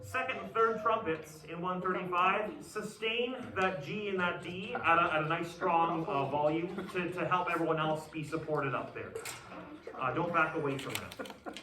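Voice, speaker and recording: In a large rehearsal room, a man with a fairly high voice conducts a community band at a moderate pace, explaining phrasing, singing lines and counting players in. A distant camera mic picks up a roomy, faraway sound with band instruments playing and crowd noise.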